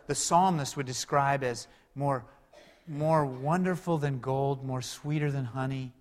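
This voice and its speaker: A man preaching a sermon in a conversational way, asking rhetorical questions and swinging between loud and soft. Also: medium pitch. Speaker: pastor. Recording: long hall reverb.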